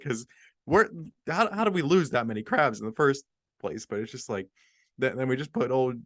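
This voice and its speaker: A man's voice: medium pitch, fairly bright tone, no room sound, clean studio sound. A male podcast co-host chatting casually on a video call, giggling and rambling as he stumbles over his words. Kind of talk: casual comedic chat.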